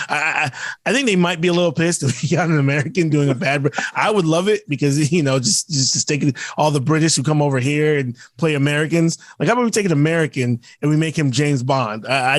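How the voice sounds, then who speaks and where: A man's voice: on the high side, no room sound, studio quality. A man co-hosting a podcast, talking in a rambling, emphatic way with some swearing. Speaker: podcast co-host. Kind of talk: casual chat.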